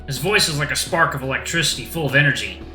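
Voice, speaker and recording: Casual, bright-voiced gaming host. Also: male voice, medium pitch, quick pace, reverberant, faint music behind. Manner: casual and rambling, with slang. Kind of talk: reading a visual novel aloud.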